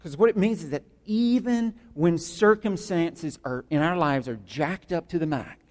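A man's voice: on the high side, long reverb tail. A man preaching a sermon as pastor, passionate and conversational, driving points home with emphatic repetition.

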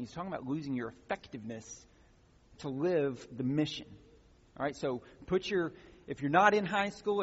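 A man with a fairly high, husky voice preaches a teaching sermon. He explains the passage plainly, then pushes into emphatic calls to action. The sound is muffled and rings with the long reverb of a large hall. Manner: teaching, builds to emphatic exhortations. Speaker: pastor.

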